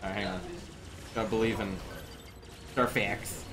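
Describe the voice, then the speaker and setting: A man's voice: fairly low pitch, fairly even intonation, moderate pace, noisy background. An American man playing a game on air, laid-back and slangy as he struggles with the controls. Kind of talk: casual gaming chat.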